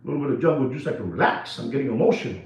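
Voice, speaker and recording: Racing along in a mid-range voice, this watch dealer hosts a video with a spontaneous, excitable monologue. He repeats himself, laughs, shouts and switches into Spanish, and the echoey room gives the sound a dull quality.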